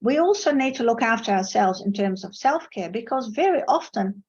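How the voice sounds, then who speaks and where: This woman has a darkish, husky voice with lively intonation and speaks at a moderate pace, though the video-call audio is dull. She lectures in interpreting, comes from the Netherlands, and speaks Dutch as her first language. In this online academic seminar talk, she tells anecdotes from her lectures, her storytelling marked by emphatic pitch jumps.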